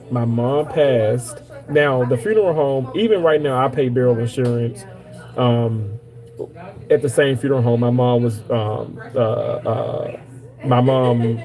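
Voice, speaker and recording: A man in his thirties speaks to his live audience in a relaxed, mellow voice. He tells a personal story in loose, chatty bursts, repeating words for emphasis. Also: medium pitch, poor audio. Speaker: streamer talking to viewers. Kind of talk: casual live chat.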